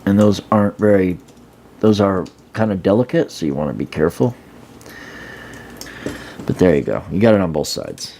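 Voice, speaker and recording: Low gravelly man reviewing a toy. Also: moderate pace, long pauses, slight background noise. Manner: relaxed, rambling, many fillers and restarts. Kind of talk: casual hands-on product review.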